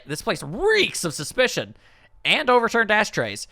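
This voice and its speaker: Animated woman joking through a game. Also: mid-range voice, unhurried, creaky, a little hiss or hum. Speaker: let's play host. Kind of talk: comedic game commentary.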